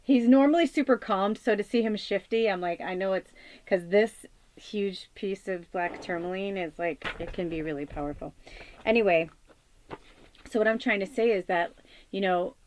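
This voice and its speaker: This medium-pitched, slightly mellow voice belongs to a woman in her forties who hosts a channel as a spiritual medium. At a normal speed, she chats casually about spiritual subjects, sincere but rambling, with many fillers and restarts.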